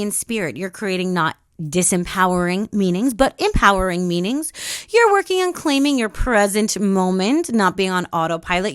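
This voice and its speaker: A woman hosting a self-help podcast, talking in a sassy, emphatic way and swinging from calm to loud exclamations. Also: a little high, no echo, clean studio sound. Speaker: podcast host. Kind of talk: motivational self-help talk.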